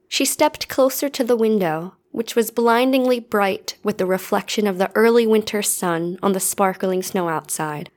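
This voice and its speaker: A woman's voice: medium pitch, normal speed, hardly any pauses. A woman podcast co-host reading fan fiction aloud in a cheerful way. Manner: cheerful, giggly.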